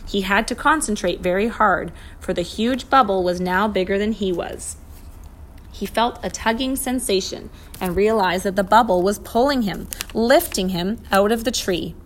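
A woman reading a children's storybook aloud in a steady, clear, expressive way. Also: mid-range voice, moderate pace, slight background noise. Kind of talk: storybook read-aloud narration.

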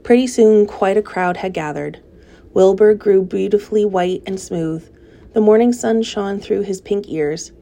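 A woman reading a children's novel aloud in a gentle, steady storytelling manner. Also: medium pitch, a little slow, gravelly. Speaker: narrator.

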